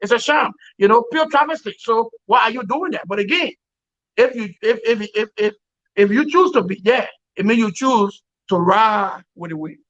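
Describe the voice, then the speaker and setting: Man, high bright voice, emphatic. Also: normal speed. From Liberia. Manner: emphatic, repeats words, laughs wryly. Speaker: political commentator. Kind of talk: opinionated commentary on a talk show. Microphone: remote call. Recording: dull lo-fi call audio.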